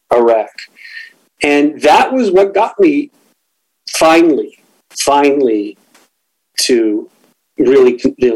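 Man, middle-aged, candid, reflective, halting, personal storytelling, ordinary pitch. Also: darkish tone, rough recording. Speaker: guest sharing a recovery story.

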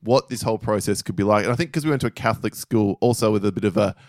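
A man's voice: fairly low pitch, very fast, darkish tone, no echo. A man in his forties co-hosting a podcast, telling stories in a dry, understated way and acting out quotes. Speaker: podcast co-host. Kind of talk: casual storytelling chat.

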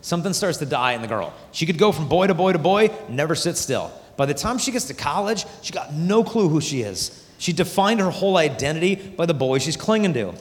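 Animated man speaking in a reverberant hall. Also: a little high. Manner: animated, acts out quoted voices. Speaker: Catholic speaker. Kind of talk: youth conference talk. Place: large conference hall. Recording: hall reverb from a large venue.

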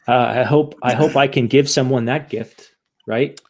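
A man's voice: medium pitch, unhurried, darkish tone. A man from the United States, a guest and author, talking frankly and emotionally in an interview, swearing now and then and often restarting his sentences. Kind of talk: candid interview conversation.

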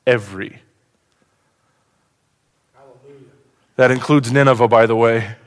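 A man preaching a sermon as a pastor. He asks the congregation questions and swings from loud, excited points to hushed, earnest ones. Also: mid-range voice, a little slow.

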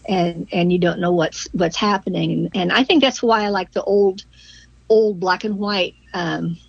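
A woman's voice: on the low side, moderate pace, gravelly, no room sound. An older woman in casual conversation, hesitant, with many fillers and restarts, on a dull lo-fi call. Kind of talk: casual chat.

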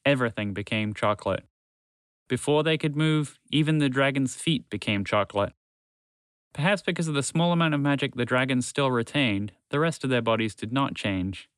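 A man reading a children's story aloud in a lively way, switching into voices for the characters. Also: medium pitch, smooth, dry recording, clean studio sound.

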